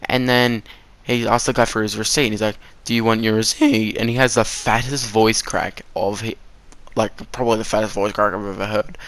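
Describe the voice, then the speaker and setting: A teenage boy rambles through a casual story time, swearing freely and laughing at his own slips. His voice sits fairly low for his age and comes through smooth and clean. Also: little pitch movement, normal speed, fairly bright tone, no echo. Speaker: vlogger.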